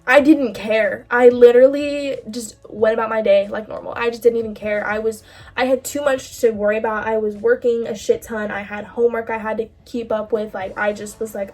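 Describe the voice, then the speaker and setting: A woman's voice: a little high, steady tone, brisk, darkish tone, far from the mic. A young woman in her late teens telling a personal story in a candid, chatty way, full of fillers and casual swearing. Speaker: bracelet-making vlogger. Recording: voice a bit off-mic, faint music behind.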